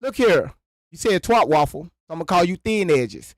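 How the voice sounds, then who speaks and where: A man hosting a live reaction stream, chatting casually, stammering and repeating words, and swinging from low mutters to loud exclamations. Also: expressive, a little fast, no room sound, studio quality.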